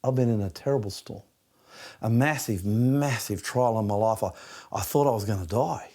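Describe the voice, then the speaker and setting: A middle-aged Australian man preaching a sermon, passionate and dropping from loud emphasis to hushed near-whispers. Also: fairly low pitch, normal speed. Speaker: pastor.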